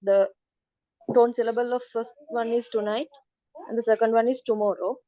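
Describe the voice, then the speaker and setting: A woman's voice: on the high side, steady tone, moderate pace, mellow, no echo, lo-fi sound. A woman student politely reading out her answers in an online class, hesitant and full of fillers.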